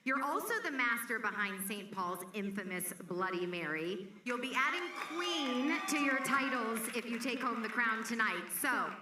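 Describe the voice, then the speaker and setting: A woman's voice: a little high, expressive, moderate pace, hardly any pauses. A woman co-hosting a drag pageant on stage, playful and teasing. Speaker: pageant co-host. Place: bar or club stage with a crowd. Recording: echoey room, far from the mic, faint noise.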